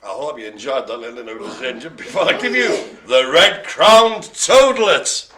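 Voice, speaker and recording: In a care home activity room, a male bingo host calls numbers with jokes and puns, laughing often. His medium-pitched voice is expressive, bright and forceful, at a normal speed.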